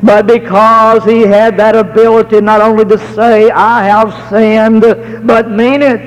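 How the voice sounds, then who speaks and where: A middle-aged American man preaching a sermon, telling folksy stories and slowing down to stress key words. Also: high voice, in a large hall, lo-fi sound. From United States.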